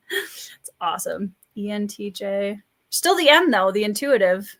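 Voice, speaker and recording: A woman with a Scandinavian Midwestern accent from rural Minnesota, hosting a relaxed live stream, chatting, laughing often and reading out viewer comments. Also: medium pitch, unhurried, dry recording. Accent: Scandinavian Midwestern American. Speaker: livestream host and writer.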